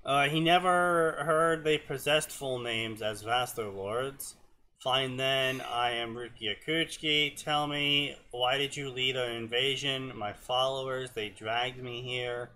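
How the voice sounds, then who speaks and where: Brief: young male co-host, bright voice, reads fanfic deadpan with sarcastic asides. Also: mid-range voice, takes it slowly. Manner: reads flatly, slips and stumbles on names. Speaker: co-host reading fanfiction aloud. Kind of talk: casual reading with mocking commentary.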